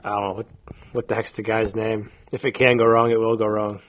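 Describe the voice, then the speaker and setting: Flat-voiced man, deep and level. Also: brisk. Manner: short agreeing replies, relaxed.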